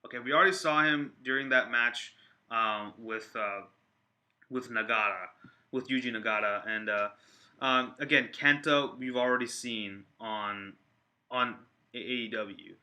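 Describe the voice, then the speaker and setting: A man chatting casually on a live stream, rambling with many fillers and restarts and getting excited. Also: mid-range voice, a little slow. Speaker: wrestling vlogger reacting to viewer comments.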